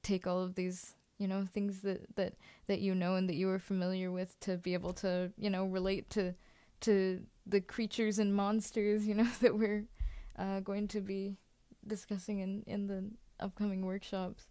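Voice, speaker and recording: A woman hosts a voice-acting workshop over a video call, talking casually with plenty of "like"s and "you know"s. Her voice is mellow and fairly flat in pitch. The sound is dry and close. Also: normal speed, clear, resonant tone, no echo. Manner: filler-heavy, "like" and "you know".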